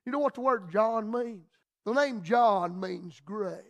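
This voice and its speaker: A man's voice: high voice, unhurried. A man with a Southern US accent preaching a radio sermon in a folksy, down-home manner.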